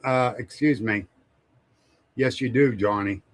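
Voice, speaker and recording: A man's voice: mid-range voice, slow pace, no room sound. A man hosting a casual live stream, rambling, chuckling often and greeting viewers by name. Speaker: livestream host.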